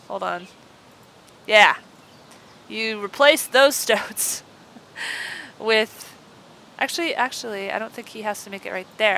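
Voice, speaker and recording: A woman's voice: high voice, sharp tone, poor audio. A woman hosting a let's play, giving bubbly, chatty commentary and talking to the game as she plays. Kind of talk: casual gameplay commentary.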